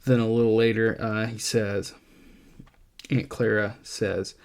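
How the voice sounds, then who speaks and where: A man teaching a literature lesson in a thoughtful, conversational way, pausing with ums as he reads aloud passages from a novel. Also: lowish voice, flat delivery, darkish tone.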